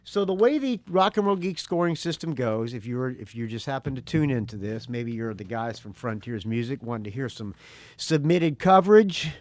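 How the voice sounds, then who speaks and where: A man's voice: medium pitch, lively intonation, moderate pace, no echo. A middle-aged man hosting his own podcast, talking casually in a rambling, joking way with lots of fillers and restarts. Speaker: podcast host. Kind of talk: casual solo podcast talk.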